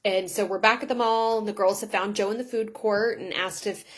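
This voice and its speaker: A young woman co-hosting a podcast, recapping a TV episode in a quick, chatty way with lots of "like" fillers. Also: mid-range voice, steady tone, rough recording. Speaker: podcast co-host.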